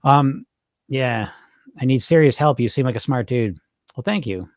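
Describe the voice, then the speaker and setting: A man's voice: medium pitch, normal speed, a little mellow, no room sound. A middle-aged man coaching on weight loss in a loose, rambling live-stream chat, swearing casually and restarting his sentences.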